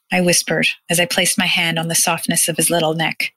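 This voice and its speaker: A woman narrating a first-person story in a tender, measured, hushed way. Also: sits low, level tone, no echo, rough recording.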